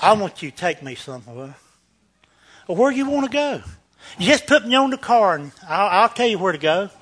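A woman's voice: medium pitch, very animated, normal speed, breathy edge. A man voicing a big, joyful churchwoman in her sixties who talks in eager exclamations. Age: 60s.

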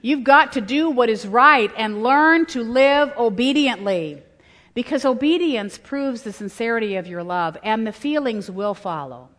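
A woman's voice: a little high, unhurried, a bit bright. Middle-aged woman speaker, earnest sermon storyteller, echo of a large hall. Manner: earnest storytelling, voices quotes. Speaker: women's conference speaker. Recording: long hall reverb.

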